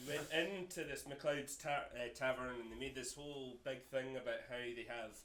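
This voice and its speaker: A man's voice: medium pitch, normal speed, a little hiss or hum. A Scottish man telling a comic, exasperated story on stage at a live house concert. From Scotland. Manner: animated, exasperated storytelling with laughter. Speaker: guitarist telling a story between songs. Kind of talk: comic onstage anecdote. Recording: roomy live venue with audience.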